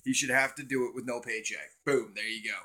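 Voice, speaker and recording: A man's voice: mid-range voice, steady tone, a little fast, pushed and bright. A young man hosting a casual livestream on his cell phone, rambling and swearing as he talks to viewers in chat. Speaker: livestream host.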